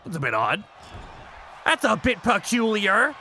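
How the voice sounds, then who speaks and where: This is a gaming streamer with a bright, high voice that leaps up and down as he reacts. He chats casually, swears at the action on screen and breaks off to baby-talk his pets. There is a faint ambient hiss behind him. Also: big pitch swings, measured pace.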